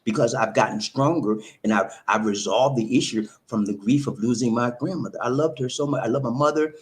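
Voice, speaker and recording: Host: man, casual advice monologue, animated and repetitive, mid pitch. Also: brisk. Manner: animated, repetitive, preachy, says "man" often. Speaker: relationship talk host.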